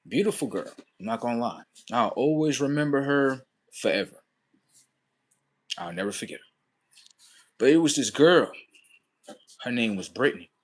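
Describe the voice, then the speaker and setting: Profane, animated male streamer. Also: lowish voice, slightly rough. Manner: profane, animated, acts out scenes. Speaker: livestream host. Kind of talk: comedic storytelling monologue.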